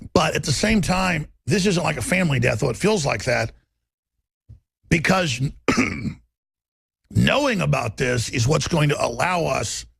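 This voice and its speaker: A man's voice: a little high, creaky, a bit bright, breathy edge, dry recording. A man hosting a talk radio show, delivering an intense, rambling, emphatic monologue.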